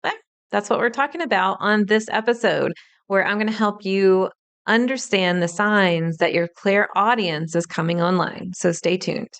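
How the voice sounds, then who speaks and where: Smooth-voiced woman podcast host, explaining. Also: medium pitch, moderate pace, fairly bright tone. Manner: upbeat, explanatory. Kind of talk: solo podcast teaching.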